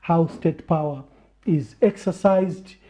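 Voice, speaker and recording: Man with a measured, preaching cadence. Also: on the high side, dark tone. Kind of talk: reflective talk in a TV interview.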